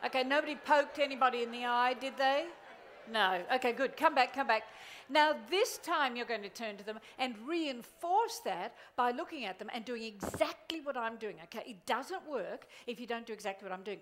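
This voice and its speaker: A woman motivational speaker giving a playful, animated conference keynote, acting out little voices as she talks. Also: fairly high pitch, moderate pace, a little hiss or hum. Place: large conference hall.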